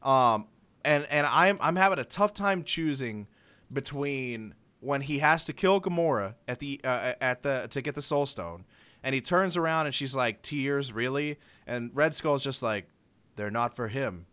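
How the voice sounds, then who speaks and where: A man's voice: medium pitch, lively intonation, moderate pace, pushed and bright, clean tone. A young adult man co-hosting a podcast, rambling through a film review and acting out favorite scenes. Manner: rambling, acts out scenes in retelling. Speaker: podcast co-host. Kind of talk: casual film review chat.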